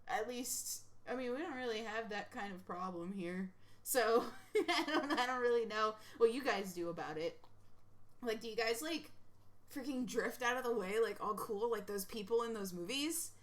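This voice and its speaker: A woman streamer chatting casually while reacting to videos, giggly and excitable, rambling from thought to thought. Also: on the high side, normal speed.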